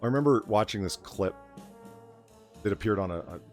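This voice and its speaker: A man's voice: on the low side, animated, a little fast, a little mellow, faint music behind. A man hosting a late-night casual chat, talking in a sardonic, profane rant. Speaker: host.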